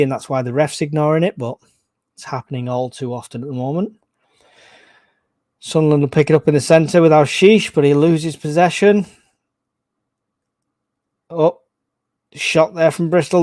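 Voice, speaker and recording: Bloke doing live fan match commentary, bit higher voice, gets worked up and groans at the play, dry close mic. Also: male voice, no room sound. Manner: excitable, casual, groans and swears at play.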